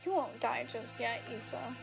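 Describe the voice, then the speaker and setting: A woman's voice: on the high side, normal speed, creaky. A woman doing a cold clinical doctor. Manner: detached, matter-of-fact. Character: cool, clinical male school doctor. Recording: game music playing behind.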